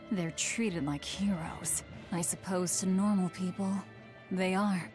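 A cool, guarded woman warrior from a game cutscene, low-pitched and very unhurried. Music sits clearly behind her. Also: steady tone. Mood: dry.

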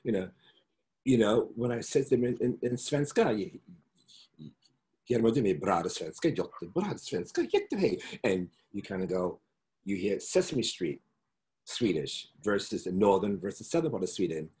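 A man's voice: on the low side, moderate pace. Flamboyant man telling stories in voices. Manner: flamboyant, animated storyteller who slips into voices and accents. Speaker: interview guest. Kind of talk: casual interview chat.

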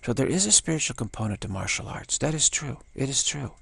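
An older man giving a casual spiritual talk, rambling and halting with many restarts and playful acted-out quotes. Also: mid-range voice, animated, vocal fry, a bit bright, husky, no echo. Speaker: spiritual teacher.

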